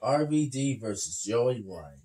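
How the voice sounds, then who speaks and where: A man's voice: mid-range voice, expressive, measured pace, dark tone. A man co-hosting a podcast, reading out wrestling results in short, plain lines. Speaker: podcast co-host. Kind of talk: casual podcast chat.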